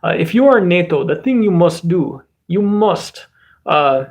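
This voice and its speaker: A man's voice: high-pitched, expressive, measured pace, darkish tone. A man putting on a mock Russian accent to play a pompous military strategist who issues commands in clipped, broken English. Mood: commanding.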